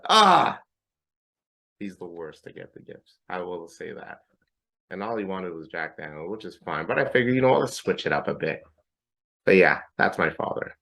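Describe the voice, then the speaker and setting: A man co-hosting a podcast, telling stories in a casual, animated way and swearing freely. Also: sits low, moderate pace, gravelly. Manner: animated storyteller, acts out quoted people, swears a lot. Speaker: podcast co-host. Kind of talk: casual chat.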